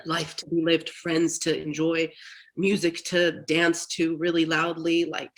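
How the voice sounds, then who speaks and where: A woman speaking candidly as a therapy client, talking in a halting, reflective way with many restarts, over a video call. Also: low-pitched, monotone, low-quality recording. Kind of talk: candid personal talk.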